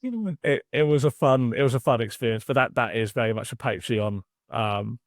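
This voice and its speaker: A man's voice: mid-range voice, brisk, no room sound, clean studio sound. A man with a London accent, a podcast guest chatting casually and easily, agreeing often. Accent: London English. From England. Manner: laid-back, frequent agreeing "yeah". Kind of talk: casual chat.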